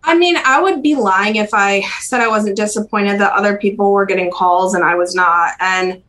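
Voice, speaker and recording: A young woman speaking as a podcast interview guest, recalling personal memories in a halting, soft-spoken way with frequent pauses and restarts. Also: mid-range voice, low-quality recording. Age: young adult.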